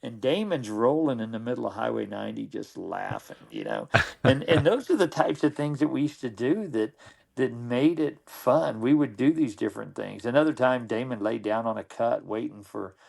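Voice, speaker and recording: A man's voice: medium pitch, expressive, normal speed, vocal fry, hardly any pauses, darkish tone. A middle-aged man, a podcast guest, telling old stories in casual conversation, rambling and restarting his sentences often. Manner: rambling, with frequent restarts and repeated words. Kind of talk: casual anecdotal storytelling.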